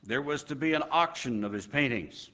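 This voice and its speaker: Man preaching with dramatic pauses. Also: mid-range voice, expressive, pushed and bright. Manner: dramatic pauses, slow emphasis. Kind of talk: sermon storytelling.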